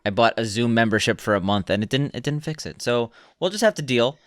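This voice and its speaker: A man co-hosting a casual gaming podcast, ribbing his partner with a jokey, teasing manner. His voice is smooth and resonant, recorded dry and close over a remote call. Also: medium pitch, lively intonation, quick pace, no room sound. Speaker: podcast co-host. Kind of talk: casual banter about video games.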